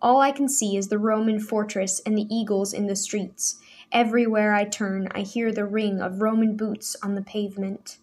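A woman's voice: medium pitch, steady tone, normal speed, darkish tone, lightly acted. Woman voicing a fiery, defiant teenage boy. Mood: scornful. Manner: rude, passionate, defiant. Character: hot-tempered angry Jewish teenage boy.

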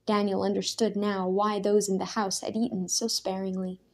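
A woman narrating a storybook aloud in a steady, expressive way. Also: mid-range voice, moderate pace, creaky. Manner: steady and expressive, with vivid character voices.

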